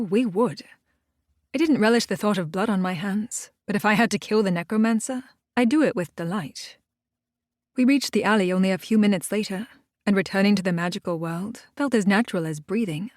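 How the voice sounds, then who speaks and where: Female audiobook narrator, steady even first-person reading, no room sound. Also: mid-range voice, dry recording, studio quality.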